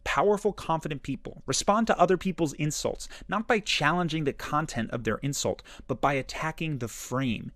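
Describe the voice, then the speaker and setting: A man's voice: on the high side, moderate pace, hardly any pauses, no echo. A man narrating a self-improvement video in a scripted, analytical, explanatory way. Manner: explanatory, analytical, lively inflection.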